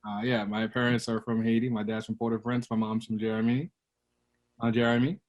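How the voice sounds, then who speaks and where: A man in his thirties from Brooklyn telling stories as a guest on an interview show. His voice sits at an everyday middle pitch. He talks casually and gets animated when he acts out the people in his stories. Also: a little fast, dull audio. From Brooklyn, New York. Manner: animated storyteller, acts out quotes with a raised voice.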